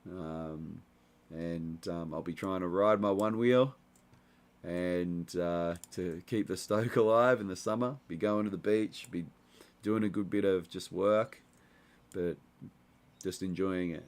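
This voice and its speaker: Speaking slowly in a low register, a young streamer reads his chat and talks casually. His delivery is relaxed and rambling, peppered with fillers throughout.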